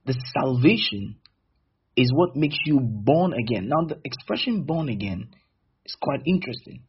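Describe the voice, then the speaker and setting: A man's voice: mid-range voice, big pitch swings, moderate pace, slightly rough, muffled recording. A man preaching a sermon emphatically, acting out little dialogues between people as he teaches.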